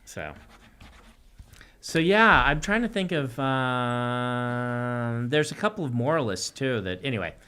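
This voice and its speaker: A man's voice: mid-range voice, expressive, takes it slowly, long pauses, sharp tone, smooth. A man in his forties chatting casually on a livestream, rambling and trailing off as he thinks. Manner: rambling, self-interrupting. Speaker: host author.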